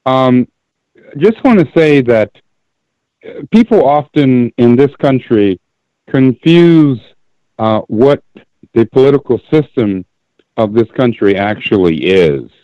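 A man calling in to a radio show, making his point deliberately and emphatically and repeating key phrases. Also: mid-range voice, lively intonation, no echo. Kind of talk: call-in radio commentary. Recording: dull lo-fi call audio.

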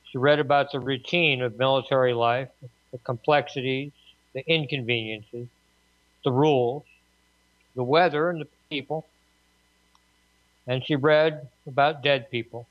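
A man narrating a short story aloud in a measured, plain reading voice with occasional slips. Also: medium pitch, steady tone, dry recording. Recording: dry, tinny phone-like recording.

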